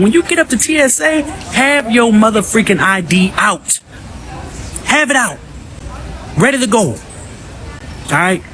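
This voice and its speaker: A man's voice: sits high, fairly bright tone, a little hiss or hum. A man giving a blunt opinion in an emphatic, scolding, lecturing way. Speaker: vlogger. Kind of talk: casual opinion rant.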